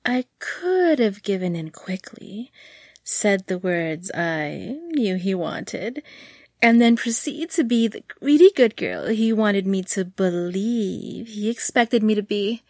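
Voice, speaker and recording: A woman reading her own story aloud in an intimate audiobook style, often slipping into a soft whisper. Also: medium pitch, slow pace, dry recording, clean studio sound. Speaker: author and narrator.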